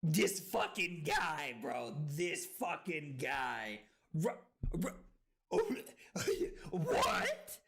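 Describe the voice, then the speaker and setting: Tipsy male streamer, rowdy and profane, bright tone, slow drawl between wild yells. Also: vocal fry. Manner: excitable, swinging from loud shouts to low muttering; profane, laughing banter with chat. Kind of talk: live stream commentary on a card game.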